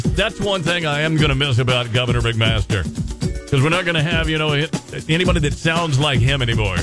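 A man's voice: on the high side, lively intonation, normal speed, over loud music. A man hosting a morning radio show, chatting casually with joking, rambling asides.

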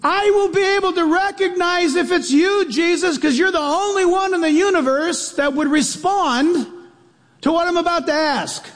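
A man voicing a big, burly male fisherman, with his voice pushed much higher and calling out eagerly in a dare. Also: moderate pace, long reverb tail. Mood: bold, eager. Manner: excited, daring pleading.

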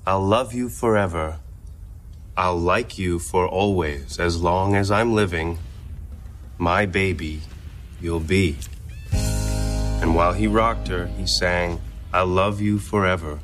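A man's voice: low-pitched, fairly even intonation, slow pace, long pauses, fairly bright tone, soft background music. An actor playing a man giving an overly theatrical storybook reading in a sitcom scene, drawn out and solemn.

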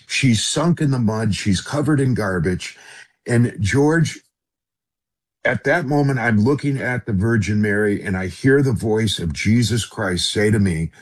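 A middle-aged man, a former radio personality, tells a personal story in an interview in an earnest, halting way and often addresses the host by name. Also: on the low side.

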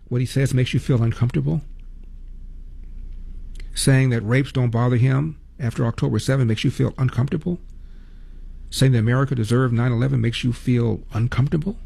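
A man's voice: medium pitch, fairly even intonation, a little fast, vocal fry, pauses often, dark tone, husky. Sarcastic older male talk radio host. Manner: sarcastic, rhetorical questions.

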